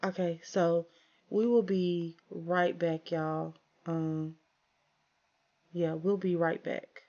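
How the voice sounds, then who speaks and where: Chatty gamer woman, gravelly voice. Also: lowish voice, fairly even intonation, slow pace, warm tone, dull audio. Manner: chatty, talks to viewers and her game characters, exasperated asides. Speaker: gaming channel host. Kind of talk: casual let's-play commentary.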